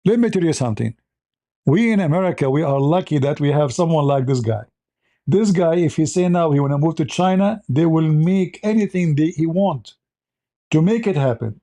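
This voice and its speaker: Male show host, blunt and mocking, talks in broken English; somewhat high but dark-toned voice. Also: lively intonation, moderate pace. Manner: sarcastic, blunt, broken grammar. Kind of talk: mocking live commentary.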